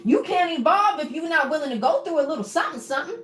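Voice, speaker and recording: A woman preaches encouragement on a livestream, her high voice leaping up and down as she coaxes viewers and calls them baby. She sounds roomy and echoing, with faint music running behind her. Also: expressive, fast talker, a bit bright. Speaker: motivational coach on a livestream. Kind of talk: live-streamed motivational talk.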